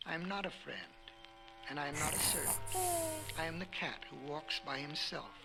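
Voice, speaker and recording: A man voicing a proud, sly male cat from the wild woods in a storybook reading, drawing his pleas out slowly. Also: fairly high pitch, expressive, creaky. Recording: crackly vinyl record under loud music.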